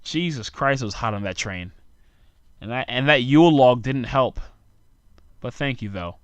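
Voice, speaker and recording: A young man rants through a solo podcast, sarcastic and rambling, sounding worn out. His voice sits at an ordinary male pitch. The recording is close and dry, with no room echo. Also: lively intonation, normal speed, smooth. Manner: sarcastic, rambling rant with frequent asides. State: tired. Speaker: podcast host.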